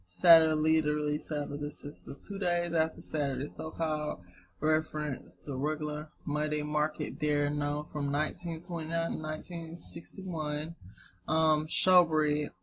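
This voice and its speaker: A woman's voice: sits low, little pitch movement, normal speed, noisy background. A woman with a Southern US accent, reading dictionary entries aloud to her viewers and breaking off for chatty asides. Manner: chatty, talks straight to viewers as "y'all". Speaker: online Bible etymology presenter.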